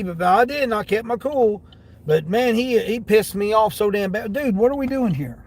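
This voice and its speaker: A man's voice: high-pitched, expressive, normal speed, darkish tone, a little hiss or hum. A man who hosts a driving livestream, chatting casually and grumbling with curses about other drivers and customers from inside his car. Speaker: delivery driver and livestream host.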